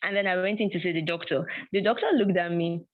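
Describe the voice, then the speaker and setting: A woman's voice: lowish voice, quick pace. Woman telling a story over tinny audio. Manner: animated storytelling with frequent laughs and quoted dialogue. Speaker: guest sharing a personal testimony. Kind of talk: storytelling testimony.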